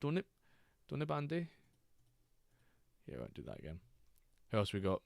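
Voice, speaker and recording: A man's voice: fairly low pitch, wildly swooping pitch, moderate pace, creaky, no room sound. A man hosting a live stream, chatting casually and joking as he reacts to chat and the games.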